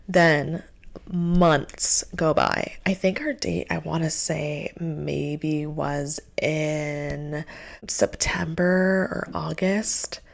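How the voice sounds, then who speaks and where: A young woman hosting her show, telling a dating story in an animated, exasperated way with lots of filler words. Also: low-pitched, creaky. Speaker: host. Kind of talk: storytime monologue.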